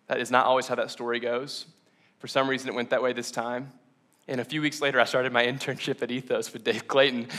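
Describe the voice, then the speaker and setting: A young man preaching a sermon in a church, sharing a personal testimony in an earnest, halting way and fighting back tears. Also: medium pitch, pushed and bright. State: choked up, near tears. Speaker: pastor. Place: church hall with congregation.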